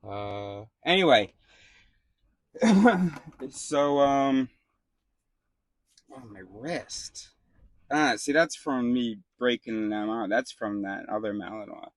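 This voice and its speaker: A man's voice: mid-range voice, animated, slow pace, dry recording. A man casually telling a rambling story to the camera, swearing freely and restarting his sentences. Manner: rambling, profane, full of fillers and restarts. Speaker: vlogger.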